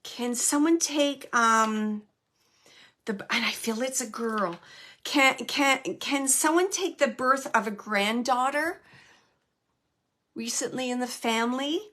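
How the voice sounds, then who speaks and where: A woman's voice: fairly high pitch, slow, bright, forceful tone. A woman hosting a show and giving a live mediumship reading, searching for words with many restarts.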